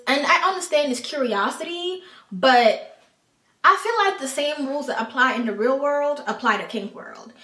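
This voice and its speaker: A woman's voice: mid-range voice, a bit bright, echoey room. An American woman hosting a podcast, giving frank advice in a blunt, profane, exasperated way. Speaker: podcast host.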